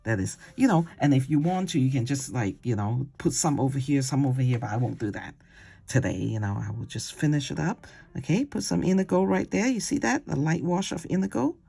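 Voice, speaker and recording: A watercolor instructor giving a casual painting demonstration, chatty and digressive, who coaxes gently and ends steps with "okay?". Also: mid-range voice, expressive, brisk, vocal fry, husky.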